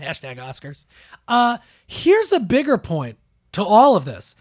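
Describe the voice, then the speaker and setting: A man's voice: sits high, big pitch swings, measured pace, dry recording, clean studio sound. A man hosting a podcast, ranting sarcastically about the news in casual chat. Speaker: podcast host. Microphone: close studio mic.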